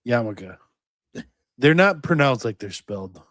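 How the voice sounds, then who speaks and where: A man's voice: mid-range voice, sing-song, unhurried, a bit bright, no echo. A man co-hosting a casual podcast remotely, sick with a cold, nasal and short of breath, joking dryly. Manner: casual banter, dry jokes. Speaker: podcast co-host. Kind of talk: casual chat. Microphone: remote call mic.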